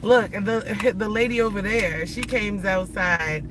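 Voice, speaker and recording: A woman's voice: medium pitch, measured pace, background noise. A woman live-streaming casual chat, telling stories to viewers in a loose, profane way from inside a car. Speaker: livestream host.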